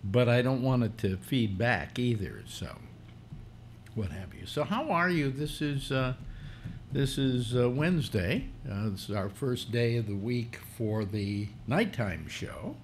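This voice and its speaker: A man's voice: mid-range voice, lively intonation, measured pace, slight background noise. A man hosting a casual live talk stream, rambling with many restarts and fillers. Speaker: host. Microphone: computer mic through speakers.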